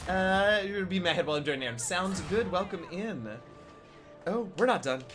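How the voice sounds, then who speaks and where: A woman streaming a game, chatting casually and breaking into excited exclamations and laughter. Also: fairly low pitch, moderate pace, faint music behind. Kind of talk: casual live-stream commentary. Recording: loud background noise.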